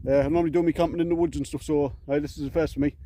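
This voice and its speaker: A man vlogging casually while hiking up moorland outdoors, out of breath and speaking haltingly with lots of fillers. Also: a little high, fairly even intonation, mellow. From England. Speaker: camping vlogger.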